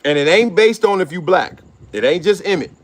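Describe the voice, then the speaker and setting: A man's voice: sits high, animated, fairly quick. A middle-aged man hosting his own show, riffing in slangy casual commentary, laughing often and acting out quotes. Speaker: show host.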